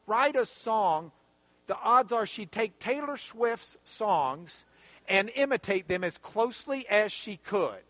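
A man teaching a Bible study lesson, explaining the text with animated, emphatic, repeating phrases. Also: sits high, dry recording.

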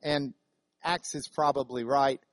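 A woman's voice: rumbling low, steady tone, unhurried, dry recording. Woman lecturing a bible class, rambly with lots of uhs, dry close sound. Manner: chatty, digressive, with many fillers and restarts. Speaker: Bible teacher.

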